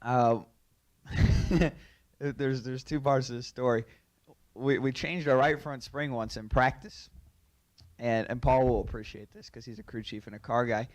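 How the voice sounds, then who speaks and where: A man's voice: medium pitch, unhurried, long pauses. A man, a racing driver, telling an anecdote, laughing often as he goes. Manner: animated, laughs through his story. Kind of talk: storytelling anecdote.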